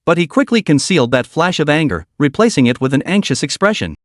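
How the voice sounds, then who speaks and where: A man reading a story recap as scripted narration, with dramatic storytelling. His voice sits a little high and rises and falls a great deal. The sound is close and dry. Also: lively intonation, fast talker, dry recording.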